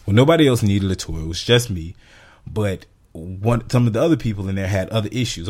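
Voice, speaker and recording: A man with a fairly low voice tells a story on a podcast. He speaks casually and sounds exasperated, acting out the quotes with animation. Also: animated, brisk, darkish tone. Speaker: podcast co-host.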